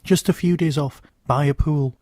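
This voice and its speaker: A man voicing a weary alien time traveller in a read-aloud story, earnest and pleading, his pitch lifting at times. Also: fairly even intonation, normal speed, darkish tone, dry recording, studio quality, natural voice.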